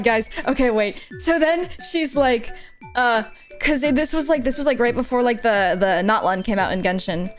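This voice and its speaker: Fast-rambling, high-voiced woman streamer. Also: faint music behind. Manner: rambling and profane, heavy use of "like", animated retelling. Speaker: streamer and commission artist. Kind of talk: casual storytelling while drawing on stream.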